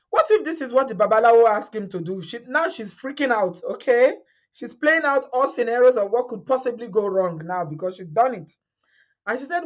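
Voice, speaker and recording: A woman's voice: medium pitch, darkish tone. A woman reading a viewer's story aloud in a casual way, often breaking into laughter and adding her own comments. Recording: dull lo-fi sound.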